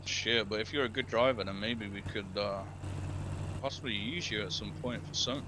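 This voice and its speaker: Casting: easygoing British guy, low-pitched, with loud car and street noise behind. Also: brisk. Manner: laid-back, swearing, teasing. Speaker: streamer playing a roleplay character. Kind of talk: casual in-game roleplay chat. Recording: noisy game stream with traffic.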